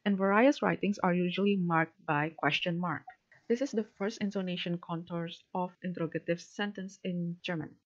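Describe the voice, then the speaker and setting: A woman's voice: on the low side, normal speed. Woman reading a formal research talk. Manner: steady, formal reading with a few fillers. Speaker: research presenter. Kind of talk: reading a prepared academic presentation. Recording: dull lo-fi recording.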